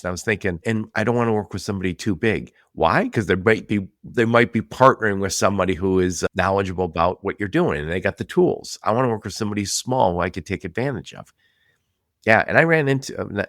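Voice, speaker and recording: Deep-voiced man hosting a podcast. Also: no echo, studio quality. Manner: animated storyteller, laughs often. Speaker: podcast host. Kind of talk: casual business podcast chat.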